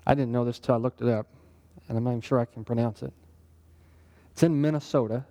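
Leading a Bible study, a man with a medium-pitched voice sounds mellow and relaxed, speaking in an easy, conversational way. Quick questions to his listeners keep things interactive, so it comes across as a casual teaching session, not a formal sermon.

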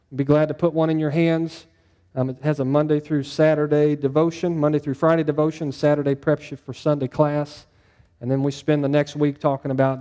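A man's voice: on the high side, darkish tone. Folksy man preaching a sermon. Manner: conversational, folksy, asks the room questions. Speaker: pastor.

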